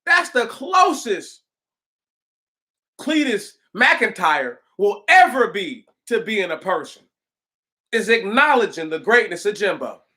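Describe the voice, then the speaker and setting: A man with a fairly high voice holds forth on a casual livestream. He talks emphatically, repeats himself, restarts his sentences and keeps asking rhetorical questions. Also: very animated, slow pace, bright, forceful tone. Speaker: livestream host.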